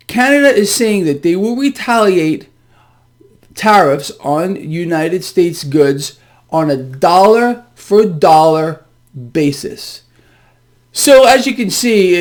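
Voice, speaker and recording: A middle-aged man giving a solo financial commentary, sarcastic and animated, with scoffing laughs. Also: on the high side. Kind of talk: solo market commentary video.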